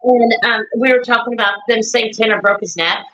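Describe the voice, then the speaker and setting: A woman's voice: fairly high pitch, a little fast, fairly bright tone. A woman, a mother, talking in a rambling casual chat, often quoting her son and herself. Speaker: grieving mother and guest. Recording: dull lo-fi stream audio.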